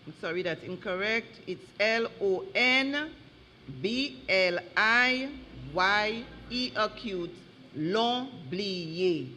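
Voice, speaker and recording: A woman reading out words slowly and deliberately as a spelling bee pronouncer, correcting wrong spellings. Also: medium pitch, expressive, sharp tone, a little hiss or hum. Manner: slow and deliberate, drawing out each word. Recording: long hall reverb.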